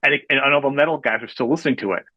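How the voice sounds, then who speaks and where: A man's voice: medium pitch, sharp tone, no room sound, muffled recording. A male podcast host talking enthusiastically and rambling through restarts while praising his guest's music. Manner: rapid, rambling, enthusiastic fan talk with many restarts. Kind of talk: casual interview.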